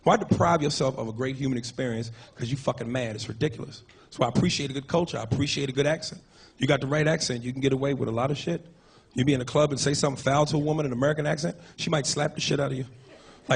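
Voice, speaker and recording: A man's voice: on the high side, rapid-fire. A man performing a stand-up comedy set in a club, with a profane, punchy, swaggering delivery. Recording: noisy live club recording.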